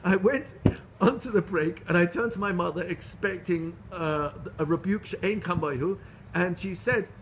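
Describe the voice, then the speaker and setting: A middle-aged rabbi giving a Torah lecture, telling stories in an earnest, animated way with frequent restarts. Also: male voice, high voice, moderate pace, noisy background. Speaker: rabbi teaching a class.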